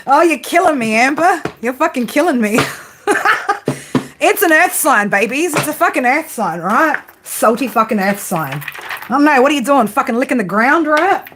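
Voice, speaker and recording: A woman's voice: sits high, lively intonation, normal speed, background noise. An Australian woman giving a casual tarot reading to her viewers, blunt, teasing and heavily profane. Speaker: tarot reader.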